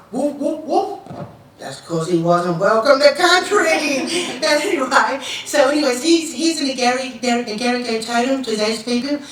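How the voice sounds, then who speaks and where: An older Australian woman with a slightly high voice tells a creation story to an audience in an easy, rambling way. She is picked up from a distance in a very echoey hall. A faint hiss of noise sits under her voice. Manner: relaxed, rambling storytelling with audience call-and-response. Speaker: Aboriginal elder giving a Welcome to Country. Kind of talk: storytelling welcome speech to an audience.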